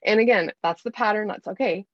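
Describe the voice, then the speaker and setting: A woman appears as a guest on a faith-based podcast, where she works as a mom anger coach, speaking earnestly and acting out her own inner dialogue. Her mid-range voice is brisk, with no room sound and the highs cut off.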